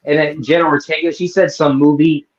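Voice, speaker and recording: A man's voice: fairly high pitch, little pitch movement, a little fast. A man hosting a casual live-stream chat, ranting with lots of swearing and mocking people by putting on silly voices. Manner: profane, ranting, mocks people in put-on voices. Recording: dull lo-fi sound.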